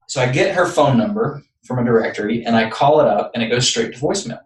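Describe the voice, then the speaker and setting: Podcast guest, earnest man from texas, mid-pitch voice, sits back from the mic. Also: lively intonation, quick pace, hardly any pauses, distant mic. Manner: earnest, building up anecdotes step by step. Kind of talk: personal storytelling. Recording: echoey room, voice off-mic.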